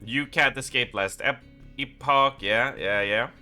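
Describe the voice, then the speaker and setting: A man's voice: medium pitch, unhurried, sharp tone, faint music behind. A young man chatting casually on a live stream, rambling with lots of fillers, his voice a little strained and worn.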